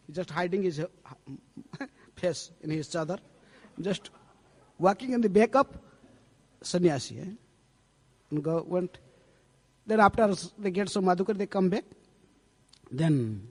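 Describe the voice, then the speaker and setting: A man's voice: high-pitched, expressive, normal speed, pauses often, a little mellow. A man, a swami giving a storytelling scripture lecture in a temple hall, chatty and checking in with frequent rhetorical "eh?". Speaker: preacher, swami. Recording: long hall reverb.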